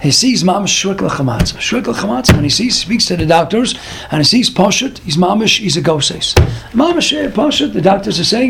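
High voiced guy preaching a story, dramatic, throws in yiddish words, bit of hiss. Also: normal speed, creaky. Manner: animated, dramatic, laced with Hebrew and Yiddish words. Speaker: religious storyteller. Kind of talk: storytelling sermon.

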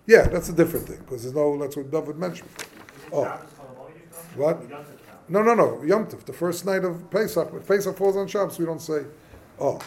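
A man's voice: on the high side, lively intonation, moderate pace, long pauses, darkish tone. A man teaching an informal Torah class, asking questions and mixing in Hebrew and Yiddish terms. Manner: casual, questioning, yeshivish phrasing mixed with English. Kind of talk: informal Talmudic lesson.

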